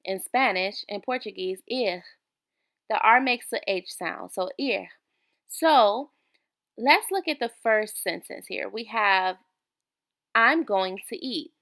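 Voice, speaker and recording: A woman teaching an online beginner language lesson, patiently repeating each word slowly for the learners. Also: mid-range voice, animated, fairly bright tone. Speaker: language tutor.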